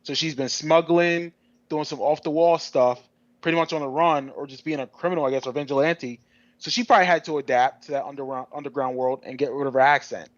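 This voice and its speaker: A man co-hosting a podcast in casual discussion, animated and rambling with many restarts. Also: fairly high pitch, fairly quick, dry recording, dull audio. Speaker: podcast co-host.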